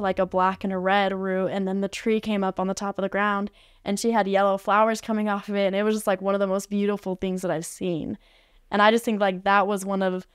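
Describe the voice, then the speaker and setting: In a podcast studio, a woman who works as an art facilitator chats through a story as a guest, peppering it with "like." Her smooth, mid-range voice comes through in a dry, studio-quality recording.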